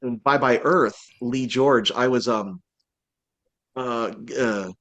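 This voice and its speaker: In a casual interview, a voice actor guest with a mid-range voice talks slowly and rambles. He restarts often, uses lots of fillers, and acts out quotes animatedly.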